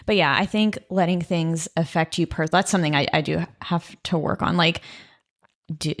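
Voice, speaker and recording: A woman's voice: fairly low pitch, normal speed, no echo, studio quality. A woman co-hosting a podcast, chatting candidly and laughing at herself. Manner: candid, self-deprecating, laughs often. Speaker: podcast co-host, orthopedic PA. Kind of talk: casual chat.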